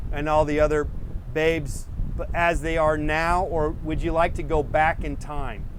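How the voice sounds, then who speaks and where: A man's voice: on the high side, slight background noise. Easygoing middle-aged man rambling on. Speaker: painting show host. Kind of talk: casual rambling chat to viewers.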